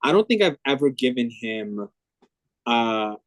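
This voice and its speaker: A man of ordinary pitch speaks as the interview guest, reflecting candidly with many ums and restarts. His voice sounds close and dry. He talks openly and at length. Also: sing-song, measured pace, dry recording.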